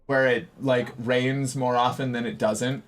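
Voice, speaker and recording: A young man from the US Northeast streams and chats casually with viewers while reading their messages, talkative and rambling with many fillers. His mid-range voice is level and unhurried.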